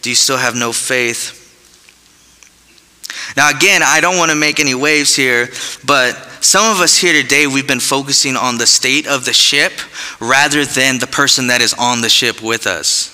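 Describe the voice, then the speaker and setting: A man preaches to his congregation in a loose, conversational way, full of folksy asides. His voice is very bright and forceful, and it rings out with a long reverb off the hall. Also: mid-range voice, moderate pace, smooth. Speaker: pastor. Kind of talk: sermon. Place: church sanctuary.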